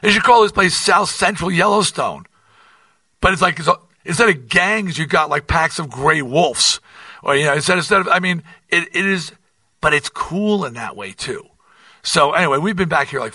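An older man hosting his own podcast, telling a rambling, animated story with many restarts and asides. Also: medium pitch, gravelly, no room sound, recorded from a distance. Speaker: podcast host. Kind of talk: casual monologue.

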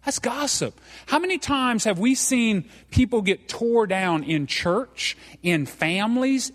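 A man with a Cajun accent preaches live from the pulpit, mixing teasing jokes into his points and checking in with "okay?" again and again. His voice sits fairly high for a man. The sound rings out with a long hall reverb. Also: fairly bright tone. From South Louisiana. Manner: folksy and joking, tags lines with "okay?". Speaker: pastor. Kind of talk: live sermon. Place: church.

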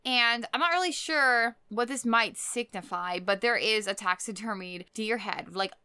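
Bright, crisp-voiced woman recapping a film. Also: on the high side, dry recording. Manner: giggly, retells scenes with quick quoted voices. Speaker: podcast co-host. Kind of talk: casual chat recapping a film.

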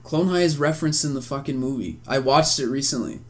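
A man's voice: medium pitch, lively intonation, a little fast. A man co-hosting a podcast in laid-back casual chat, saying dude and swearing. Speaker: podcast co-host.

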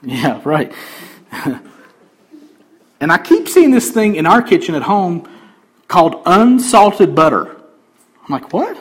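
Guy preaching, husky voice a bit high, chatty and jokey with the crowd. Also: big pitch swings, takes it slowly, long pauses. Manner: conversational, joking asides to the congregation. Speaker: pastor. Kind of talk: sermon.

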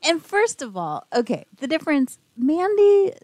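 Woman, podcast co-host, mellow higher voice, slow teasing chatty talk. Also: lively intonation, no echo, clean studio sound. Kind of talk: casual podcast chat. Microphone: dry podcast mic, turned away from camera.

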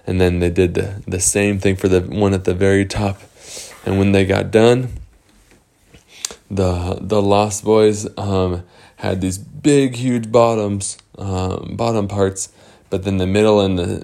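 A man's voice: sits low, steady tone, unhurried, creaky, mellow. A man improvising a bedtime story, rambling with many fillers and restarts.

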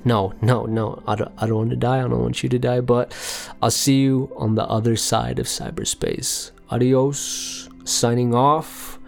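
A man's voice: mid-range voice, steady tone, normal speed, soft background music. A man hosting a casual solo podcast, rambling and swearing, and often mocking himself. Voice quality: raspy put-on voice at times. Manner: rambling, profane, self-mocking. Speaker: podcast host.

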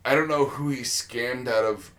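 Speaking at a moderate pace, a man with a mid-range, fairly bright voice co-hosts a podcast. The talk is casual and rambling, with plenty of fillers and restarts.

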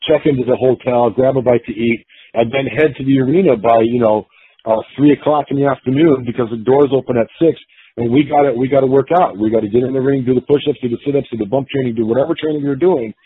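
Talking at a quick pace in a husky, medium-pitched voice, this ex-pro-wrestler guest rambles through his stories with plenty of fillers and false starts. The casual interview is captured as dry, phone-like narrowband audio.

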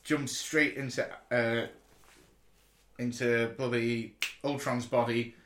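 Male podcast co-host, mid-pitched, excitable storyteller, echoey room. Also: slow pace, slight background noise. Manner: excitable, animated recounting of a comic plot. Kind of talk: casual chat.

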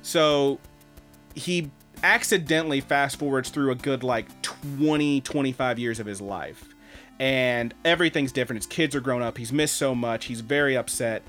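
Bright-voiced man telling stories animatedly. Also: mid-range voice, moderate pace, soft background music. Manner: animated storytelling, swearing freely. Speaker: podcast co-host. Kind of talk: casual chat.

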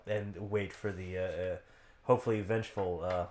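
A man's voice: low-pitched, steady tone, moderate pace, a little mellow, reverberant, a little hiss or hum. A man joking sarcastically while gaming with friends. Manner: sarcastic, wry. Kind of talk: casual gaming banter.

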